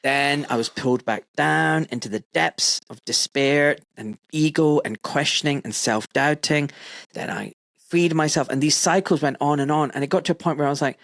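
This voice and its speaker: A man's voice: on the high side, normal speed, vocal fry, fairly bright tone, no room sound, clean studio sound. A man in his forties, a podcast host, telling a heartfelt personal story in casual chat and acting out his own quotes. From United Kingdom. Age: 40s.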